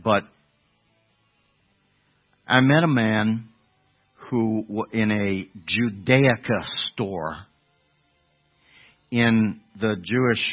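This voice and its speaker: A male preacher from delivering a sermon, rambling with restarts and rhetorical questions to his congregation. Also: lowish voice. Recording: tinny phone-like sound.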